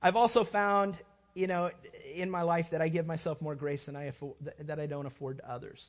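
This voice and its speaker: A male pastor with a fairly quick, high-leaning voice preaches a sermon, the highs cut off. He's animated, acting out everyday scenes with playful, shifting voices.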